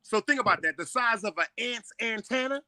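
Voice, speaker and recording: A man's voice: very high-pitched, lively intonation, brisk, pushed and bright, dry recording, studio quality. A man in casual chat, telling an emotional story earnestly and often repeating his words.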